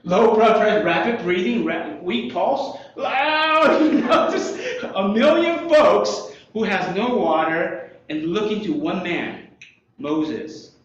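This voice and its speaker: Lively male Bible teacher, higher voice with big swings, echoey lo-fi room. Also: slow pace. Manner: animated, asks listeners questions, laughs often. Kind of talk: interactive Bible lesson.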